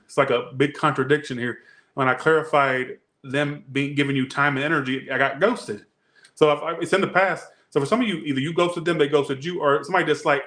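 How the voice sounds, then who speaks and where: A man's voice: a little high, fairly bright tone. A man doing a casual tarot reading, chatty and rambling, slangy and often breaking off mid-thought. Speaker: tarot reader.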